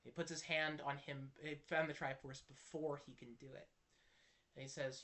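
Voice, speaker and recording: A man's voice: a little high, little pitch movement, moderate pace, sharp tone. A man telling a personal story to camera in an earnest, impassioned way, often restarting his sentences. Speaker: Christian video creator.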